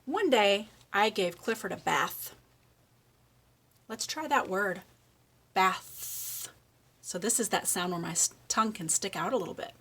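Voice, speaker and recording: A woman giving a children's speech lesson, reading a picture book aloud and slowly modeling words for a young child to repeat. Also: medium pitch, lively intonation, fairly bright tone, breathy edge. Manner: slow, encouraging, exaggerates word sounds for a child. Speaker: speech therapist.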